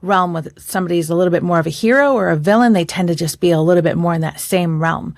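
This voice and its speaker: This is a woman co-hosting a podcast as a voice coach, and she talks in a thoughtful way, often softening what she says. Her speaking voice sits low, with a trained singer's projection. The sound is close and dry. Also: quick pace, gravelly, no echo. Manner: thoughtful, hedges her words. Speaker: voice performance coach and podcast co-host. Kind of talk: casual chat.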